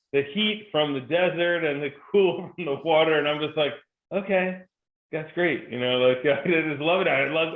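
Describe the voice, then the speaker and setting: A man from New Jersey, a guest speaker telling jokes and stories in a chatty, upbeat interview. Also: mid-range voice. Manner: joking storyteller, upbeat and chatty. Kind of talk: conversational interview. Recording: tinny phone-like video call audio, roomy.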